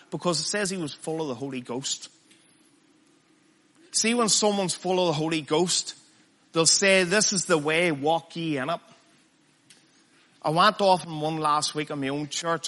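High, bright-voiced man preaching a sermon. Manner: emphatic, fires rhetorical questions at the congregation.

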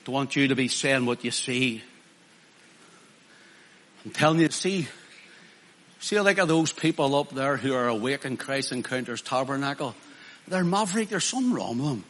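A man's voice: mid-range voice, expressive, normal speed, pauses often, a bit bright. A man preaching a sermon in an emphatic way, acting out quoted voices with mocking asides.

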